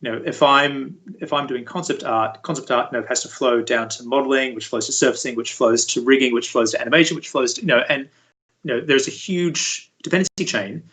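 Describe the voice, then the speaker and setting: A man speaking as an interview guest, a university VFX lead explaining things in a relaxed, conversational way. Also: medium pitch, brisk, low-quality recording. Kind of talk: casual interview chat.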